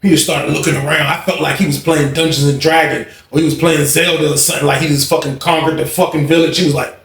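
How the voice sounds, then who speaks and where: A man tells a story in a casual vlog, animated and profane, jumping between shouts and hushed asides. His voice sits a little high and rings in an echoey room. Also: fast talker.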